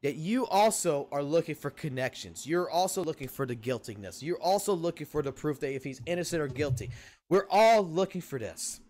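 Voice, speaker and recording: A man hosting a livestream rants heatedly to his viewers on a home mic, cursing often and repeating points for emphasis. His voice is on the high side, with a darkish tone, lively intonation, and a brisk pace. It's a livestream commentary rant.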